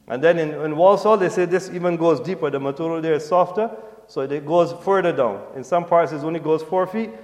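A middle-aged man gives an earnest sermon, his voice slightly high for a man and dropping low at the end of each point. He quotes Arabic and translates it line by line, checking in with the congregation again and again. A long reverb from the large prayer hall hangs behind him. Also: fairly quick, darkish tone. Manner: code-switches, often asks "you understand?", quotes Arabic and translates it. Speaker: preacher addressing a mosque congregation. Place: mosque.

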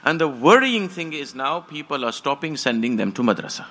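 A man's voice: fairly high pitch, big pitch swings, a little fast, pushed and bright. A man preaching a sermon, telling stories with passion and acting out the voices of the people in them. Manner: impassioned storytelling, acts out quoted voices.

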